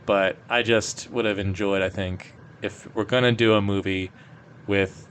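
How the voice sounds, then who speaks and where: Man, podcast co-host, casual film talk, opinionated, lots of fillers, low voice. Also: fairly even intonation, measured pace, slight background noise. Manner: opinionated, rambling with many fillers.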